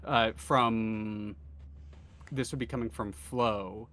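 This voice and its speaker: A man's voice: fairly low pitch, fairly even intonation, slow, pushed and bright. A man narrating as game master in a tabletop game, with a rambling delivery full of fillers.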